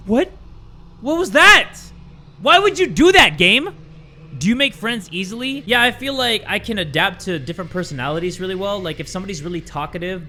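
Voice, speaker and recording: Bright-voiced chatty young man gaming. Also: high-pitched, a little hiss or hum. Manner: chatty, candid, joking. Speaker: gaming YouTuber. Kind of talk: casual let's-play commentary.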